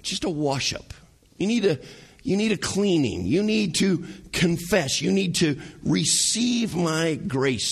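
A male pastor preaching with a slightly high, gravelly, husky voice. His pitch leaps up and down as he fires rhetorical questions at the congregation, with a sarcastic edge now and then. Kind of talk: sermon.

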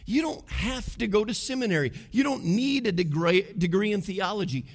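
Animated pastor preaching. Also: male voice, high voice, normal speed. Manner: emphatic, conversational preaching with rhetorical questions. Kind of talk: sermon.

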